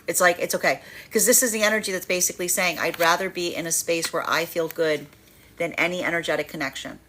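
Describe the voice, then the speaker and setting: A woman's voice: fairly low pitch, fairly even intonation, fast talker, a bit bright, slight background noise. A woman giving a live tarot reading who talks animatedly, full of fillers and laughs, and acts out the voices of the energies she describes. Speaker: tarot reader.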